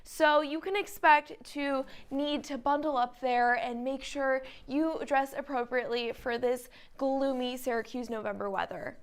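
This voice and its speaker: Clear high-voiced young weather reporter. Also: female voice, fairly even intonation, measured pace, few pauses.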